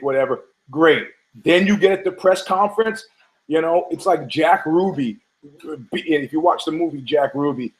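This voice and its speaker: Captured on a rough recording, this podcast host has a voice on the high side and riffs through casual sports talk, swearing, veering off on tangents, and restarting often. He puts on voices for his stories and cracks himself up with his own jokes.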